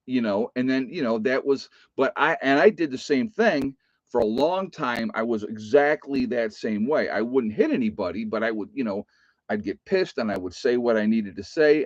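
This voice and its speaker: A man's voice: mid-range voice, expressive, normal speed, dry recording, highs cut off. Rambling middle-aged man telling stories. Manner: rambling, restarts sentences often. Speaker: vlogger. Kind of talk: casual storytelling to camera.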